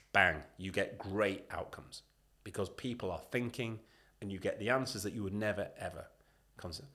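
A man talking as a guest on a podcast interview, emphatic and animated, acting out what other people say as he makes his points. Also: fairly low pitch. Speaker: podcast guest, leadership consultant.

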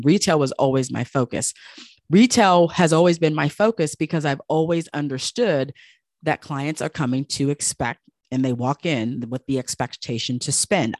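A woman's voice: low voice, dry recording, studio quality. A woman coaching as an esthetician and business host, talking casually and with emphasis, repeating key points. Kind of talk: casual podcast monologue.

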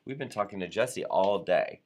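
A man's voice: on the low side, moderate pace, a little mellow, a little hiss or hum. A man hosting a live show, reading viewer comments in an upbeat, playful way and sometimes tripping over words. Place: Atlanta area.

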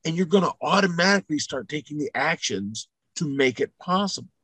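A man's voice: on the high side, animated, fairly quick, breathy edge, no room sound. Male motivational speaker, emphatic and repetitive, salty language, dry close sound. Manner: emphatic and repetitive, builds to loud peaks. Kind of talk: motivational talk.

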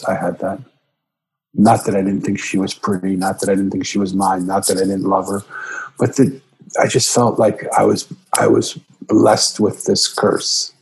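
A middle-aged man earnestly telling a personal story, emotional and reflective, his pitch jumping up when he quotes himself. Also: creaky, slightly rough, low-quality recording.

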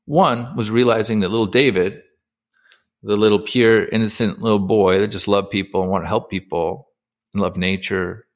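Middle-aged man, lowish voice, candid interview storytelling, earnest and emotional, lots of fillers. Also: fairly even intonation, moderate pace. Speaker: podcast guest, former pro hockey player.

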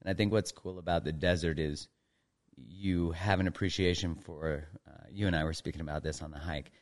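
A man from Canada with a very deep voice speaks as a podcast guest. He talks in an easygoing, thoughtful way, pausing with ums and you-knows as he goes. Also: fairly even intonation. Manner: easygoing, reflective, with fillers. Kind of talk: casual podcast interview.

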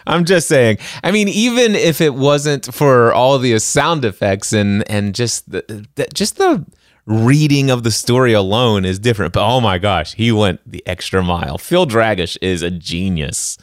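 A man's voice: mid-range voice, expressive, a little slow, no room sound, clean studio sound. A man hosting a channel, giving enthusiastic, chatty commentary with restarts. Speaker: channel host. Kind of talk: casual commentary.

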